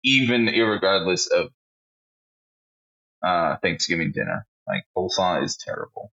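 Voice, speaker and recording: Man, low voice with a bright edge, profane casual podcast co-host. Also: lively intonation, moderate pace, muffled recording. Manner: profane, blunt, reads out a list.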